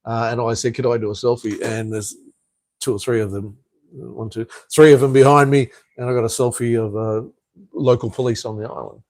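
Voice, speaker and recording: A middle-aged Australian man talks in a loose, rambling way and swears without a second thought. His pitch sits in an ordinary middle range. The sound is dry and close, with almost no room around him. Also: fairly even intonation, brisk, darkish tone, no echo. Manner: rambling, blunt, swears freely, many restarts. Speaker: live stream host. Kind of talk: casual live-stream chat.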